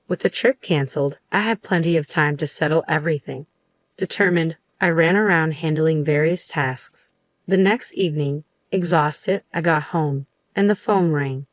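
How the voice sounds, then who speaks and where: A woman with a low voice narrates a dramatic first-person story in a measured, even manner. The sound is dry and close to the mic. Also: no room sound.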